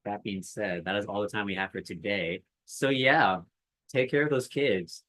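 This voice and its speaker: A man hosting a casual podcast, with a very low voice that stays calm and earnest. The sound is dry and close, with no room echo. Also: normal speed. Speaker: podcast host.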